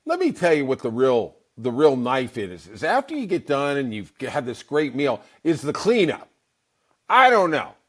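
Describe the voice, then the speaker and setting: A man's voice: medium pitch, wildly swooping pitch, moderate pace. A middle-aged male podcast host tells a casual, rambling story. He peppers it with wry asides, and his voice swings widely up and down. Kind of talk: casual comic storytelling monologue.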